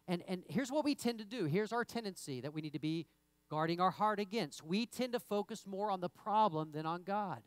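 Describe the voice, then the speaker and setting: High-voiced pastor preaching. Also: male voice, a bit bright, clean tone, dry recording. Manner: conversational preaching, repeats words, rises to emphatic bursts. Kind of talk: sermon. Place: church sanctuary.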